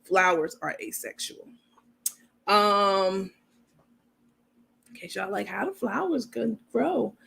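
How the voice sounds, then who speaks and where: A woman's voice: medium pitch, expressive, takes it slowly, vocal fry, long pauses, a bit bright, breathy edge. A woman with a New York accent hosting a chatty, rambling commentary show, reading out viewer comments as she talks. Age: adult with a university degree. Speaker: commentary channel host. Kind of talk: casual livestream-style commentary.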